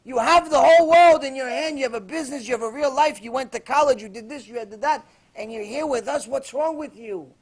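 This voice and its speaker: A man's voice: extremely high pitch, a little fast. A man voicing a tough adult male jail inmate who questions someone bluntly and insistently, inside a spoken sermon. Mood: incredulous.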